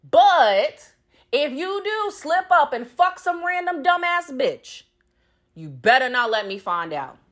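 A woman's voice: sits high, big pitch swings, takes it slowly. A young woman hosting a podcast, telling a story about cheating in a blunt, heated and profane rant. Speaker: podcast host.

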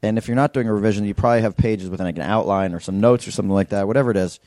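A man's voice: lowish voice, very fast, warm tone, dry recording, clean studio sound. A man from New York with a New York accent, co-hosting a podcast and telling rambling, joking stories in a casual chat from a hotel room. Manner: rambling storyteller, joking, many fillers and restarts. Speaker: podcast co-host.

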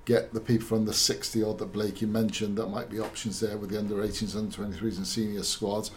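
Measured pundit searching for words. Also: male voice, on the low side, level tone, a little hiss or hum. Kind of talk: casual discussion.

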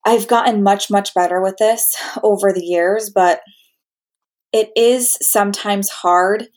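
A woman hosts an interview in a casual, chatty way. Her voice sits at a middle pitch. She leans on fillers and lets out an occasional sigh while she talks. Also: steady tone, measured pace, a little mellow. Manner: chatty, filler-heavy, with sighs. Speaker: interview host.

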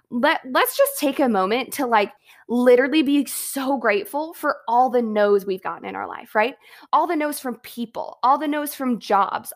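Chatty upbeat young woman vlogger. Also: on the high side. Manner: upbeat, chatty, lots of "like" and "okay". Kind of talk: casual motivational talk to camera.

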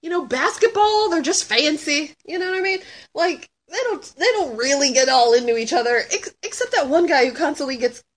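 A woman in her thirties, chatting casually as a guest and answering questions with lots of laughing, swearing and sudden shouts. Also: sits high, fairly quick. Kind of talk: casual chat.

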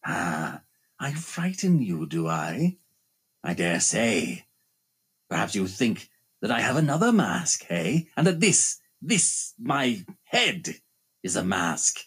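A man voicing a disfigured, menacing male phantom in an audiobook, speaking slowly in a low, hissing, gloating way with a husky tone. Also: huge pitch swings, a bit bright, exaggerated voice. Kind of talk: audiobook reading.

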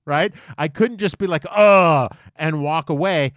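A man's voice: fairly high pitch, moderate pace, dry recording, clean studio sound. Man casually telling a rambling story. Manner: rambling, self-mocking, with fillers. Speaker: podcast co-host. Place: basement studio. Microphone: large studio microphone.

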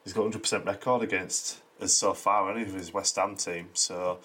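Bloke on a footy podcast, lowish voice, keeps repeating himself. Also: male voice, fairly even intonation, moderate pace, pushed and bright, husky. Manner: rambling, repeats words while searching for them. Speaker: podcast co-host. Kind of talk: casual chat.

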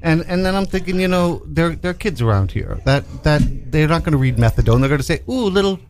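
A man's voice: a little high, quick pace. Rambling, easygoing male radio host. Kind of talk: casual storytelling on radio.

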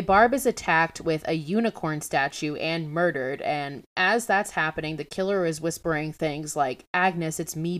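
A young woman with a low voice talks through a movie plot on her podcast. She is casual and animated, swears freely and drops sarcastic asides as she tells the story. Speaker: podcast host. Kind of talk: casual film recap.

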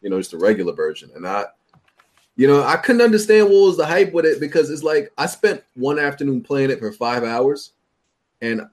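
A man's voice: mid-range voice, very animated, fairly quick. Guy telling a wry game story, mid voice. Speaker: podcast co-host. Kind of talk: casual gaming chat.

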